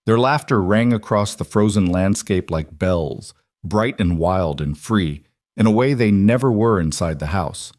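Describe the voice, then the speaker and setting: Low-voiced man narrating calmly. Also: measured pace, no echo. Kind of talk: scripted narration.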